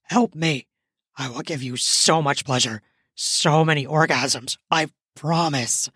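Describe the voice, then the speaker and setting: A woman's voice: fairly low pitch, normal speed, a bit bright, dry recording, studio quality, voice pushed down, close to an everyday voice. A woman voicing a desperate, trapped man who begs frantically for help in a spoken erotic story. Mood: pleading. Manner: frantic begging.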